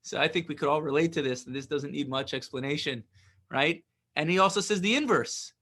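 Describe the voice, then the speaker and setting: High, bright-voiced man teaching a lesson. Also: a little fast. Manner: reads Hebrew phrases then explains in casual English, often asks "right?". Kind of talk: Torah lesson, reading and translating text.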